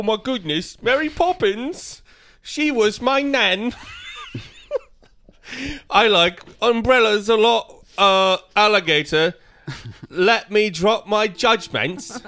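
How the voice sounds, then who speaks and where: A man putting on an exaggerated mock-British accent to read a sappy poem aloud, slow and sing-song. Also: high-pitched, bright, forceful tone, pitched above the performer's own voice, full character voice. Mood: theatrical. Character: prim old-fashioned British nanny-type poem reader.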